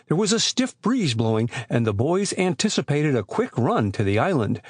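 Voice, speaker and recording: A man narrating a classic boys' adventure audiobook in a measured, expressive storytelling voice. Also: mid-range voice, slightly rough, no room sound, studio quality. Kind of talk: scripted narration.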